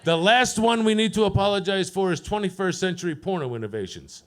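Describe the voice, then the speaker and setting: A man doing a profane stand-up set at an open mic, deadpan and teasing the crowd. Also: high voice, a little fast. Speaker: stand-up comedian. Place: comedy club stage.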